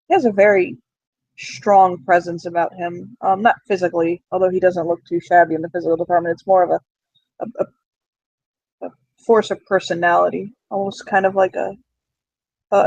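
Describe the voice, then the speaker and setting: A woman leads a tabletop role-play game as game master, pausing often and restarting her sentences. Her voice is dry and close, with a muffled, lo-fi sound from an online call. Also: mid-range voice, steady tone, vocal fry, a little mellow, no echo. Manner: hesitant, many fillers and restarts.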